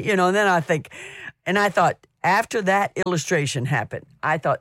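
A woman's voice: lowish voice, animated, a little slow, no echo. A middle-aged woman talks to her radio listeners in a chatty, anecdotal manner and tells homey stories about daily life. Her voice is recorded close and dry, with no room sound around it. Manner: chatty and anecdotal, warm storytelling with restarts. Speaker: radio program host. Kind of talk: devotional radio talk.

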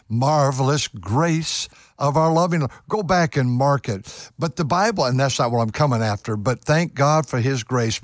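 A man's voice: medium pitch, no echo, studio quality. An older man preaching a fervent sermon, now and then breaking into sung hymn lines. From United States.

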